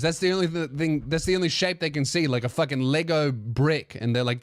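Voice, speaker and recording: A man's voice: on the high side, animated, fairly quick, hardly any pauses, dry recording, studio quality. A man hosting a comedy podcast, reading viewer emails aloud and riffing on them with profane, mocking asides.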